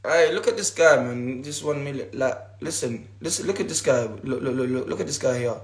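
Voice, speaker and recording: A man's voice: mid-range voice, fairly quick, vocal fry. A young man, hosting a casual livestream and ranting at viewers in repetitive slang, talking into a phone. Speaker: livestream host. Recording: echoey room.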